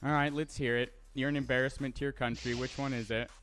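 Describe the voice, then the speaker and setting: A man's voice: medium pitch, flat delivery, fast talker, a bit bright, faint music behind. Brash stammering male streamer. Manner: brash, profane, stammering restarts, reading chat aloud. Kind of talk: casual live-stream chat.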